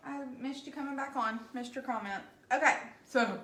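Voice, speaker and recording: A high, slightly bright female voice moves at a moderate pace with hardly any pauses. She's a craft painter hosting a laid-back live painting stream, chatty and bubbly toward viewers. Recorded at home on a distant device mic, the room echoes and carries faint noise.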